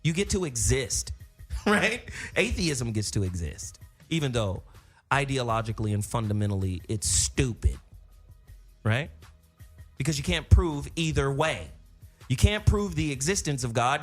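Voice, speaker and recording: A man hosting a talk show, riffing on tangents in a profane, animated way. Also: mid-range voice, a little slow, soft background music. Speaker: podcast host. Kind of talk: casual chat.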